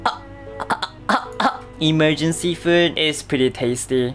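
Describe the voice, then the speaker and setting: A young man, a VTuber streamer giving hyper, theatrical comedy reactions full of drawn-out exclamations and crude jokes. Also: fairly high pitch, lively intonation, fairly bright tone, soft background music.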